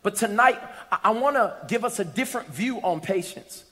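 High-voiced preacher in a reverberant hall. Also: male voice, lively intonation, normal speed. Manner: storytelling, rising to shouts and playful asides. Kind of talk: sermon. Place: large church hall.

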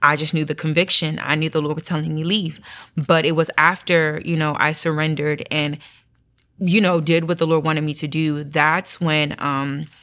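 In an interview, a young woman shares her testimony in a slightly low voice at a moderate pace. She tells it in a lively storytelling style, her pitch leaping up whenever she acts out things she once said.

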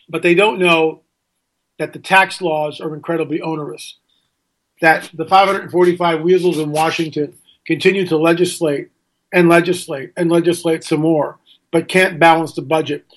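A middle-aged American man with a notably high-pitched voice hosts a talk radio show. He rants with indignation, piling up rhetorical questions and hammering on his points. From United States. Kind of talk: opinionated radio monologue.

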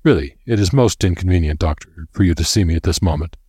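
A man's voice: sits low, fast, mellow, slightly rough, dry recording, clean studio sound. A man voicing a pompous, condescending senior male physician who talks down to others. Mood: haughty. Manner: dismissive, haughty.

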